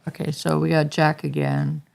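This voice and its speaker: A man's voice: on the high side, flat delivery, normal speed, creaky, low-quality recording. A man co-hosting a podcast, chatting casually and chiming in with short remarks. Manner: brief agreeing interjections. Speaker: podcast co-host. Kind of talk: casual chat.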